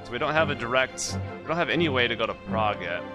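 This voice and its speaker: A man's voice: mid-range voice, expressive, fast talker. A man hosting a let's play who reads the game's story text aloud and breaks off into chatty, puzzled asides. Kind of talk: casual gameplay commentary, reading game text aloud. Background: loud game music.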